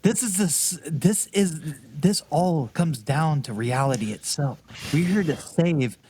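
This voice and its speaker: A man's voice: fairly high pitch, animated, unhurried, darkish tone, a little hiss or hum. A man playing his character in a tabletop game, earnest and given to restarts. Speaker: player. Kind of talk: in-character tabletop role-play.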